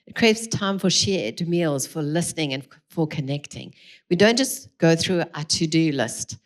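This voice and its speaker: Middle-aged woman, lower register, earnest and encouraging, live talk to an audience on a mic. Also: animated, a little slow. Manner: earnest, encouraging, addresses the room directly. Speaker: speaker at a church parenting evening. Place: large room with a live audience.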